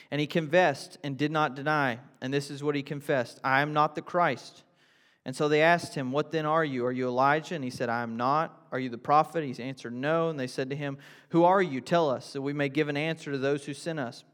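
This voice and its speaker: A man delivers a sermon in a conversational style, firing off rhetorical questions and then hammering points home through repetition. His voice sits a little high for a man. The sound carries the long reverb of a big church hall. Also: fairly even intonation, a little fast, fairly bright tone, clear, resonant tone. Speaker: pastor.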